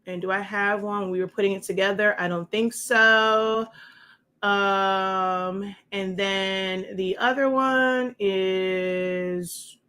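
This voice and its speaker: Bright-voiced chatty woman demonstrating crafts. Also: medium pitch, fairly even intonation, slow, smooth. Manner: chatty, rambling with restarts. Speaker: crafting show host. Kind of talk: casual demonstration walkthrough.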